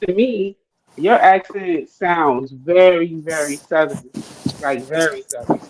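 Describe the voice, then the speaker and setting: A man's voice: fairly high pitch, takes it slowly, noisy background. A man with a New York accent, a laid-back, teasing guest in a casual livestream chat. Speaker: call-in guest. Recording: dull lo-fi call audio.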